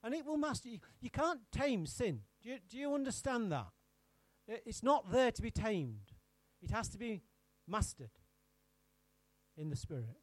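A man's voice: very high-pitched, big pitch swings, normal speed, no echo. A man preaching an interactive sermon, teasing his congregation by name and firing questions at them.

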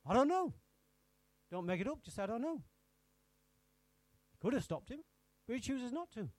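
A man's voice: extremely high pitch, very animated, fairly quick, darkish tone, no echo. A man preaching an interactive sermon, teasing his congregation by name and firing questions at them.

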